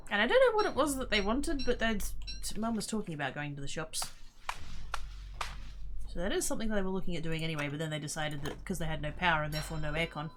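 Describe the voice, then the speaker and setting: Lively Australian woman streaming a game. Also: fairly low pitch, fast, noisy background. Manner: chatty, swears and mutters while playing. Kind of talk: casual gaming livestream chat. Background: game music.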